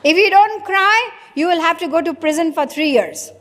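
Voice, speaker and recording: A woman's voice: extremely high pitch, moderate pace, a bit bright. A woman giving a sermon, asking the audience rhetorical questions and answering them herself. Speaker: spiritual preacher. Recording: long hall reverb.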